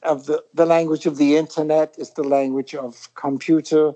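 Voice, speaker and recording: A middle-aged man from Britain speaks as an interview guest. He thinks aloud in a reflective, rambling way and often stops to restart his sentences. His talk is casual and unhurried. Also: fairly high pitch, little pitch movement, warm tone, rough recording. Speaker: guest musician.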